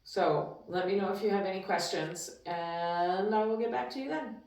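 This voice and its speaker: A woman's voice: medium pitch, normal speed, darkish tone. A woman dog trainer giving casual, emphatic instructions in a chatty, repetitive way. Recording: very echoey room, distant mic.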